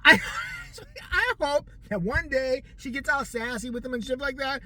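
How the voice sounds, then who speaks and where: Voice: high-pitched, unhurried, few pauses, pushed and bright, no room sound. A vlogger delivering a profane, ranting commentary, laughing often.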